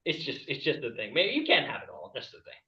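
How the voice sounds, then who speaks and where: A man's voice: medium pitch, huge pitch swings, fast, roomy sound, distant mic, dull audio. A man doing a rambling stand-up comedy bit over a video call, laughing at his own jokes. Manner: rambling and self-amused, laughing at his own jokes, with jumpy shifts in loudness.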